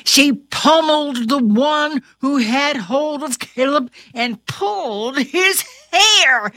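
A woman's voice: sits high, big pitch swings, very slow, fairly bright tone, dry recording. A woman reading a children's storybook aloud with dramatic flair, dropping to whispers and rising to cries, then chatting about the book. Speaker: storybook reader. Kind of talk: expressive read-aloud storytelling.

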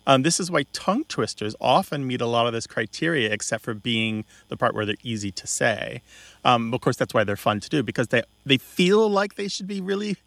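Gravelly-voiced man co-hosting a radio show. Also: mid-range voice, animated, a little fast, fairly bright tone, no echo. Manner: explanatory, thoughtful, with fillers. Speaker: radio co-host, language expert. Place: radio studio.

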